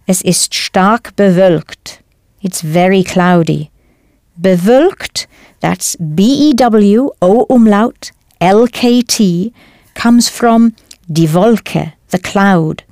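A woman teaching a language lesson in a clear, careful scripted delivery, spelling out words as she goes. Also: mid-range voice, darkish tone, no room sound, clean studio sound.

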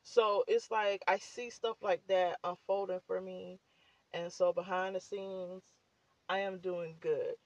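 Speaking a little slowly in a level tone, a woman who hosts podcasts and writes books chats casually with listeners, leaning on fillers. Her lowish voice is scratchy and faintly breathless. The recording has no room sound but comes across muffled.

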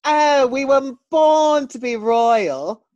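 A man putting on an exaggerated posh British accent, playing a prim, proper British gentleman. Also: very high voice, animated, takes it slowly, dull audio, pitched above the performer's own voice, full character voice. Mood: haughty playful. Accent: put-on posh British. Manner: plummy, exaggerated and playful.

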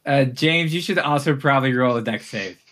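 A man's voice: mid-range voice, a little fast, a bit bright. A man narrating as game master, easygoing and often breaking into laughter between rulings.

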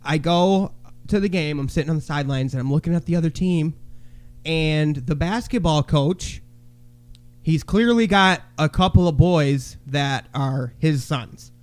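A young man telling a heated story in casual chat, swearing a lot and breaking into shouts. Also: fairly high pitch, a little slow. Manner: swears heavily. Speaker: podcast co-host.

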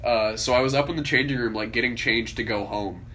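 A man's voice: medium pitch, brisk, sharp tone, a little hiss or hum, low-quality recording. A young man co-hosting a podcast, telling school stories in a casual, profane, laughing way. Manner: swearing, laughing storyteller. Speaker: podcast co-host. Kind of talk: casual storytelling chat.

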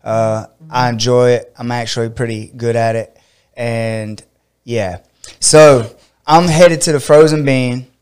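A middle-aged man from Georgia with a drawl tells a story in casual chat. His voice is smooth and clear. He laughs often and slips into high squeaky voices when he quotes people. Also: fairly even intonation, slow, a little mellow. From Georgia, USA. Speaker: podcast host and fight coach.

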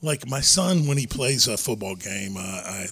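A man's voice: fairly low pitch, animated, moderate pace, fairly bright tone, husky. A man in his forties on a casual podcast, telling a rambling story with many fillers and a lot of swearing. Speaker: podcast co-host.

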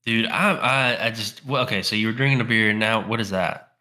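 A man's voice: lowish voice, a little fast, pushed and bright. A young man co-hosting a podcast, talking in a laid-back, casual way and swearing offhandedly. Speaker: podcast co-host. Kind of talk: casual chat.

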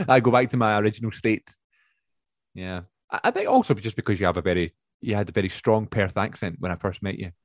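A man with a soft Glasgow accent, co-hosting a podcast in casual chat and musing aloud with questions. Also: fairly low pitch, very animated, normal speed, long pauses, dry recording, studio quality. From Glasgow, Scotland. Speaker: podcast co-host.

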